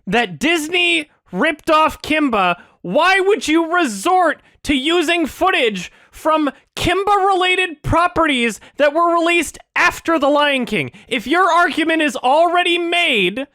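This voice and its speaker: Ranting woman with a lively voice. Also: sits high, slow, no room sound, studio quality. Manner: ranting, indignant and sarcastic, repeats questions. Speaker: streamer reacting to a video. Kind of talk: angry reaction commentary.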